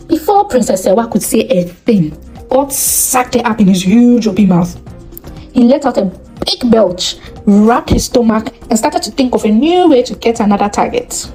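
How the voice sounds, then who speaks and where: Expressive woman narrating a folktale. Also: a little high, normal speed, soft background music, low-quality recording. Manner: expressive, moralizing at the end. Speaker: storyteller.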